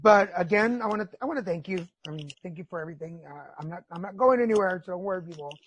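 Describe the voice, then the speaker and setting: A man's voice: high voice, expressive, quick pace, a little hiss or hum. A middle-aged man hosting a podcast in a casual chat, telling candid stories with feeling and swearing freely. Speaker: podcast host.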